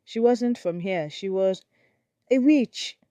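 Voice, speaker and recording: A woman voicing a gentle, frightened young pregnant wife who speaks softly and pleads. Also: medium pitch, slow, smooth, no room sound, natural voice. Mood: pleading. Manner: soft, pleading.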